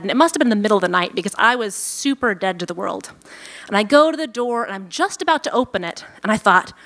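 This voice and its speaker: Her voice slightly high, a woman recounts something from her own life before a live audience at a venue event. She's animated and self-amused, performing her inner thoughts as she goes.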